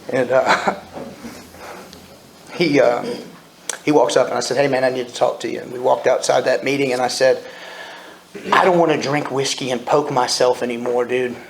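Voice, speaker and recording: A creaky, mid-range male voice, with a little hiss or hum on the recording. The speaker, in his forties, candidly shares his story with self-deprecating humor at a recovery meeting, in an echoey meeting room with faint ambience.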